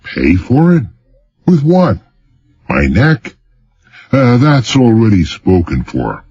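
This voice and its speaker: A man reading an audiobook, voicing a sarcastic, contemptuous, weary man in a slow, raised voice. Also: mid-range voice, wildly swooping pitch, darkish tone, husky, no echo, lo-fi sound, pitched above the performer's own voice, exaggerated voice. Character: sardonic mysterious male doctor, mocking and contemptuous.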